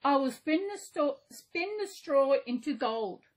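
A woman's voice: high voice, lively intonation, measured pace. Woman doing a strange, coaxing little man.

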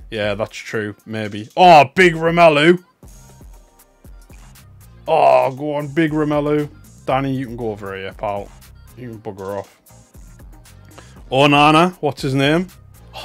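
Young man, live stream chatter, excitable, loud hype then quiet muttering, medium pitch, soft music behind. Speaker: livestreamer opening trading cards. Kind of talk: casual live-stream commentary.

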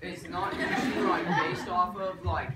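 A man's voice: sits high, fairly even intonation, moderate pace, over a noisy crowd, very noisy, close to an everyday voice. A young man playing a clueless bro who runs a community college language department, rambling with likes and ums in a live improv scene, recorded from far off on an echoey stage. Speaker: improv player.

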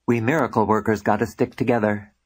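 A man's voice: fairly low pitch, fairly even intonation, a little fast, a little mellow, lightly acted. A man voicing a dry, laconic mystic pilot.

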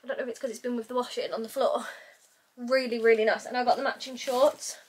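A woman's voice: on the high side, flat delivery, fast, husky. A young woman vlogging to camera in a casual, rambling way, full of fillers. She is indoors in her messy bedroom. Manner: rambling, chatty, filler-heavy.

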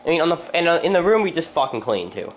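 A man's voice: fairly high pitch, very animated, racing, a little hiss or hum. A man vlogging in a house, handheld camera, ranting and cursing in frustration. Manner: angry, swearing constantly. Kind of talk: casual vlog rant. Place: inside a house.

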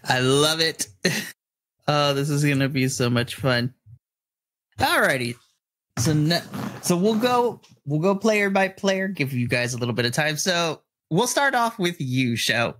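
A man narrating a tabletop game as game master, excitable and giggly, often restarting his sentences. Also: a little high, measured pace.

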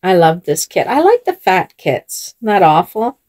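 A woman vlogs casually as she dresses dolls. She speaks at an unhurried pace, with a lively, swooping pitch. She sounds chatty and breaks into giggles often. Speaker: doll channel vlogger.

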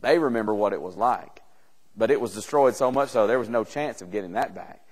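A man's voice: lowish voice, animated, fairly quick, darkish tone, breathy edge. An earnest man leads a church Bible class in a plain, conversational voice. He often doubles back on words as he builds each point. The sound has a long reverb from the church room.

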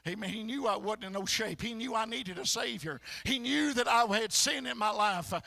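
A male pastor preaching a fiery sermon in church, breaking into shouts and filling every pause with "uh, amen.". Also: sits high, creaky. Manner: shouting bursts, constant "uh, amen". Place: church sanctuary.

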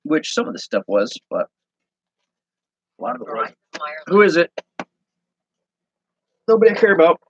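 A man's voice: a little high, big pitch swings, breathy edge, no echo. Give me a man reading his handwritten story aloud, stumbling and correcting himself, with a dry, dull recording. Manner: halting, self-correcting reading. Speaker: online reseller and host.

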